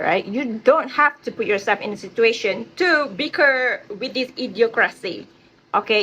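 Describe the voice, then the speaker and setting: A woman's voice: on the high side, a bit bright. Blunt, profane woman venting on a vlog. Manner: blunt, profane and emphatic, with repeated "right?". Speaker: vlogger. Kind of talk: casual rant to camera. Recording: slightly muffled audio with faint hiss.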